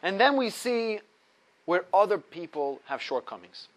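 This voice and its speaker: High-voiced man teaching an ethics lesson. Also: measured pace. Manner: animated storytelling, swings loud and soft. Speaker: Torah teacher. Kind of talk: ethics lesson with a told story.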